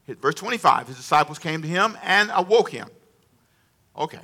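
A male preacher giving a lively sermon, calling out questions to the congregation and acting out dialogue with sudden drops and rises in volume. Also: fairly high pitch, normal speed. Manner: animated, call-and-response with congregation; acts out dialogue with varied volume.

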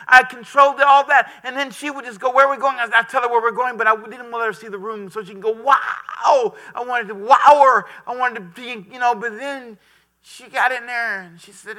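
A middle-aged man preaching a lively sermon as pastor, calling on the congregation to repeat after him. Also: very high-pitched, moderate pace. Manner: animated preaching with call-and-response to the congregation.

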